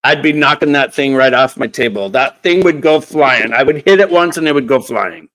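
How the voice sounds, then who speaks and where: A man's voice: mid-range voice, lively intonation, normal speed, a bit bright, rough recording. A man hosting a casual craft live stream, chatty and repeating words as he talks. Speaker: craft channel host.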